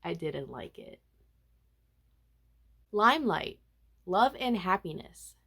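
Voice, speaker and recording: A young woman vlogger chatting casually about music releases, animated and self-mocking, with frequent asides. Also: lowish voice, slow, long pauses. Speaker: K-pop vlogger. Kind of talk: casual chatty album review.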